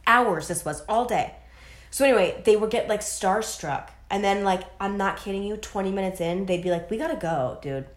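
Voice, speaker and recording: A woman's voice: medium pitch, moderate pace. A young woman in her twenties, a waitress, telling a gossipy story in casual chat, acting out the people in it. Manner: gossipy, animated storytelling with quoted voices. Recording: echoey room.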